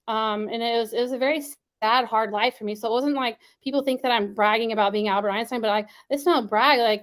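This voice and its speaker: A woman being interviewed as a guest, rambling with many restarts and fillers. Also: fairly high pitch. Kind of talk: casual interview talk.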